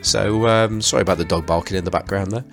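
A man's voice: sits low, steady tone, fast talker, creaky, a bit bright, soft background music. A man from England, hosting a podcast in casual, hesitant chat full of fillers. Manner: rambling, hesitant, many fillers. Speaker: podcast host. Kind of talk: casual chat over a call.

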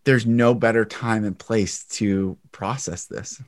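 A man's voice: on the low side, steady tone, slow, no echo, clean studio sound. A man hosting a conversational interview, earnest and telling a story. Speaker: podcast host.

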